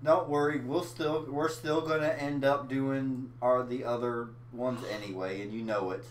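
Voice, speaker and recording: Brief: easygoing man teasing his co-host over a game, mid-pitched voice, echoey room with faint hiss. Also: steady tone, normal speed. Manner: teasing, laid-back. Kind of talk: casual gaming banter. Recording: roomy echo, faint noise.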